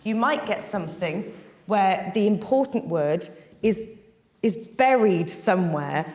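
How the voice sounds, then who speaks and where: A woman leads a teacher training workshop, speaking encouragingly at a middle pitch. Her voice rings out in a large echoey hall with a long reverb. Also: warm tone. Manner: encouraging, chants lyrics to a beat. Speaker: music workshop leader.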